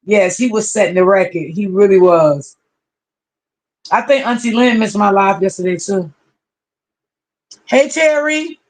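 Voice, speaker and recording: Unhurried and mid-range, with long pauses, this voice belongs to a livestream host greeting viewers by name one by one. Each hello is stretched out, and the tone stays warmly familiar with plenty of honey and baby.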